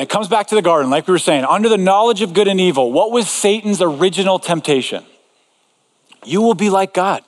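A man preaching a sermon to a room, in a conversational way with frequent asides. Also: sits high. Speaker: pastor. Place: large room before an audience. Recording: long reverb in a large hall.

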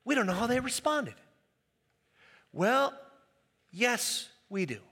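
A man preaching a sermon as pastor, animated and acting out the quoted voices. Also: very high-pitched, slow, husky, big-room sound.

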